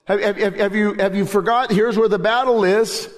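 Male pastor, fervent sermon, emphatic repetition, high-pitched voice, long hall reverb. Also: fairly even intonation, moderate pace. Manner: fervent, emphatic preaching with repeated phrases. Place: church sanctuary.

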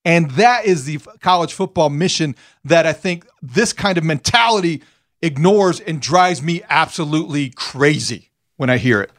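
A man's voice: on the high side, lively intonation, normal speed, a bit bright. A man hosting a sports talk show, speaking earnestly and emphatically about college football. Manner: earnest, emphatic, laughs easily. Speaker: sports radio host, former college football player.

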